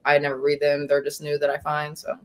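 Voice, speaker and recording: A woman's voice: low voice, monotone, fast. A woman hosting a casual live-stream panel and chatting with her guests. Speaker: host.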